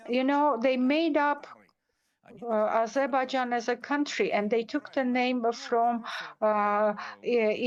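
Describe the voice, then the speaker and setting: A woman's voice: fairly high pitch, highs cut off. A woman speaking as a symposium panelist, giving impassioned, firm remarks with frequent hesitations and repeated words.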